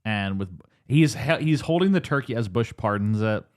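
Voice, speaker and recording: A man co-hosting a podcast, chatting casually about a movie, animated and quick to laugh and do impressions. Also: mid-range voice. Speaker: podcast co-host.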